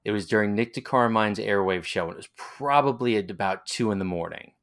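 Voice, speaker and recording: A man with a Long Island accent and a lowish voice rambles through nostalgic stories in a relaxed interview. He sounds like he is in his forties. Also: a little fast. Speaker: interviewee, former college radio announcer. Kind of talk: casual reminiscing interview.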